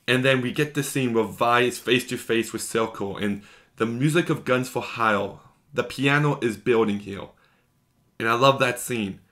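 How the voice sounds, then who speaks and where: A man's voice: mid-range voice, moderate pace, pushed and bright. A man giving an enthusiastic, gushing episode recap as a video reviewer, talking in long run-on strings.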